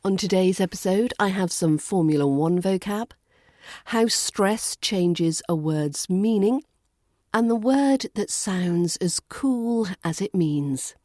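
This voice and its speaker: A woman with a British RP accent teaching pronunciation on a podcast, repeating words slowly and carefully as she models them. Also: medium pitch, mellow, no room sound, clean studio sound.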